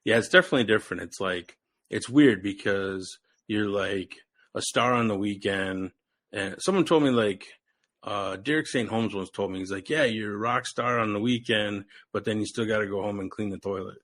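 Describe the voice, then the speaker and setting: Rambling low-voiced wrestling podcast host. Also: male voice, normal speed, fairly bright tone. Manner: rambling, heavy use of "like", laughs often. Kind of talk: casual podcast chat.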